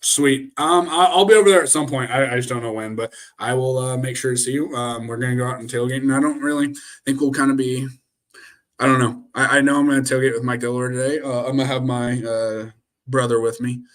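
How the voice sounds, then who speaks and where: Fast and fairly even in intonation, this young man's mid-range voice carries his casual sports live stream. He speaks right into his webcam, rambling and ranting with many fillers and restarted sentences.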